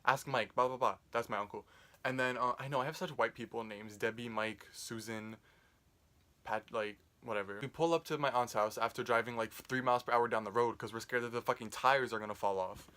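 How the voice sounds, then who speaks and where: A man's voice: medium pitch, fairly even intonation, brisk, sharp tone. A young man casually telling a rambling, profane storytime, full of "like". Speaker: vlogger.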